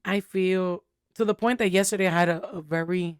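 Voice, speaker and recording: A woman's voice: on the low side, steady tone, fairly quick, clear, resonant tone, dry recording, clean studio sound. A young woman co-hosting a podcast, telling a candid, rambling story full of fillers in casual chat. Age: young adult. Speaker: podcast co-host.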